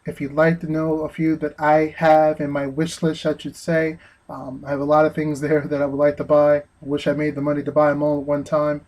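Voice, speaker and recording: A man giving an earnest opinion monologue, speaking haltingly with frequent restarts. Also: fairly high pitch, completely flat delivery, a little mellow, rough recording. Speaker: vlogger.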